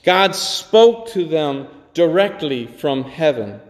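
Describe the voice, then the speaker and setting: A man delivers a sermon with earnest, halting sincerity, doubling back on words and letting out short chuckles. His voice sits a bit high for a man. The sound rings with the long reverb of a large church hall. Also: sing-song. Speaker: pastor.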